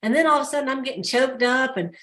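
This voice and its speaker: A woman's voice: high voice, expressive, fast talker, fairly bright tone. A woman hosting a sales team call, telling stories in a chatty way and laughing often. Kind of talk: casual pep talk.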